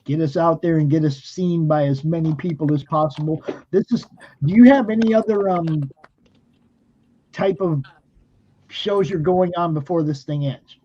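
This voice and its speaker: A high-voiced man with a husky edge hosts a live stream show, pumping up his audience. His delivery is energetic and promotional, and he laughs often. The sound is dull and lo-fi. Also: moderate pace. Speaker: host. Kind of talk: live talk show chat.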